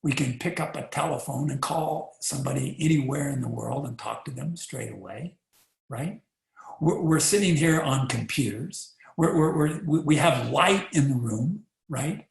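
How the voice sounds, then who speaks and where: A man giving a motivational talk, animated and rhetorical, often asking the listener questions. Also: mid-range voice, normal speed, creaky. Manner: animated, rhetorical, acts out little voices. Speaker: motivational speaker. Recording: echoey room.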